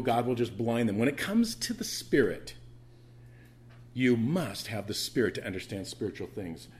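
A man preaching a sermon, animated, often stammering and restarting, building to loud proclamations. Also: mid-range voice. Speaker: pastor.

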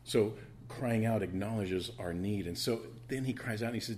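A middle-aged man preaching a sermon as pastor, conversational with personal asides, swinging between loud emphasis and quiet, intimate moments. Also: on the low side, moderate pace, few pauses, a little hiss or hum.

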